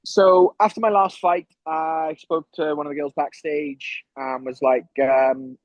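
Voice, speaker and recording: Welsh male fighter, casual storyteller, slightly higher pitch, dry close read. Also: steady tone, a little slow, no echo, dull audio. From Wales. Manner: rambling anecdotes with frequent ums. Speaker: guest, professional fighter.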